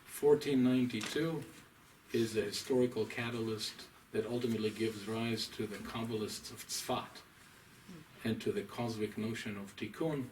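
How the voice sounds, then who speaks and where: Man, rabbi, scholarly lecture, deliberate and emphatic, distant mic, faint room noise. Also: fairly low pitch, steady tone, darkish tone. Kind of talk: lecture to a small audience.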